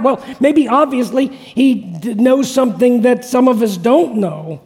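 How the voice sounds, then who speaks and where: High-voiced pastor preaching in a reverberant hall. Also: male voice, lively intonation, a little slow, a little mellow. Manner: conversational, repeats key phrases, asks congregation questions. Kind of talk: sermon.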